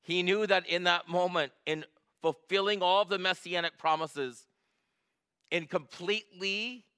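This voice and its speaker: A male pastor delivers a sermon in a church. His voice is bright and a touch higher than most men's. He shifts between soft, reflective retelling and emphatic, rising declarations. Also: steady tone, measured pace, clear, resonant tone. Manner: builds from quiet to emphatic.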